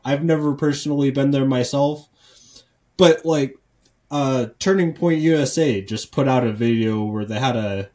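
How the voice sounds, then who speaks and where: Slow-talking guy cursing a lot on a comedy podcast, lots of restarts. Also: mid-range voice, darkish tone. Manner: profane, rambling, frequent false starts. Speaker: podcast co-host. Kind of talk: casual comedic podcast chat.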